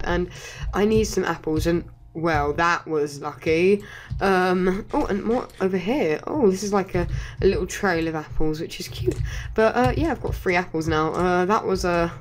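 A woman giving casual, rambling gameplay commentary, excitable and chatty, often jumping up into high squeals. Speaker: gaming YouTuber.

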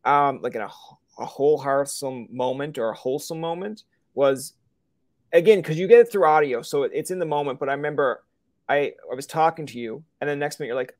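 A man's voice: fairly high pitch, brisk, darkish tone, dry recording, studio quality. A man hosting a podcast interview, talking casually and rambling, with frequent stammers and restarts. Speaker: podcast host.

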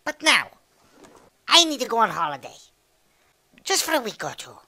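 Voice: mid-range voice, big pitch swings, normal speed, sharp tone, exaggerated voice. A performer voicing a bossy, foul-mouthed Welsh man who barks orders at other players in an online game, speaking into a headset mic. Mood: ranting. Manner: bossy, swearing, barking orders. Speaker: gaming video host. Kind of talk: comedic in-game role-play.

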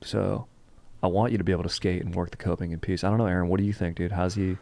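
Male comedy podcast host, low voice, loose rambling skater slang. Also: steady tone, fast talker, creaky, darkish tone, no echo. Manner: laid-back skater slang, rambling and jokey.

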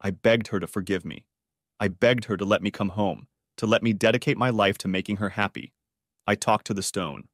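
A man reading a first-person story aloud in a dramatic, expressive way. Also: on the low side, a little fast, no room sound, studio quality. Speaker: story narrator.

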